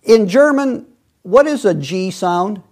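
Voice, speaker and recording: A man's voice: high voice, lively intonation, slow pace, a little mellow. A man leading a Bible study, rambling and digressive, with many restarts and fillers. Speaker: Bible teacher.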